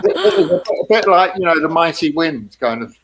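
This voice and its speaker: A man in his sixties, a guest telling casual, rambling stories with lively rises in pitch. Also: brisk, a crowd in the background. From England. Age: 60s. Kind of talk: casual anecdotes.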